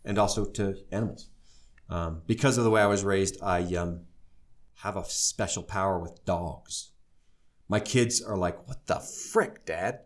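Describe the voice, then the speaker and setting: Wry middle-aged man, low voice. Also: unhurried. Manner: wry, self-deprecating, animated when quoting others. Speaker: speaker sharing his life story. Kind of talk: candid storytelling to a live audience.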